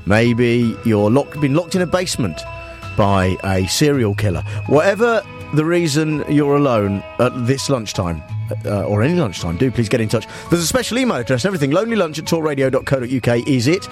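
A man hosting a spoof talk radio show, rambling and hesitant with a deadpan delivery. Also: medium pitch, brisk, faint music behind. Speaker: radio host.

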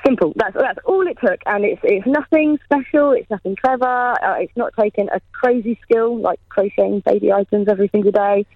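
A woman's voice: mid-range voice, a little fast, few pauses, no room sound, phone-quality sound. A woman chatting casually as a radio guest, laughing often and sounding self-deprecating. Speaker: guest, mother of three.

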